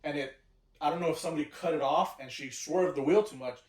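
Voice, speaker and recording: A man's voice: on the high side, fast, darkish tone, recorded from a distance. A man co-hosting a casual podcast, telling rambling, self-deprecating stories. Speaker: podcast co-host. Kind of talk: casual chat. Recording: echoey room, off-mic.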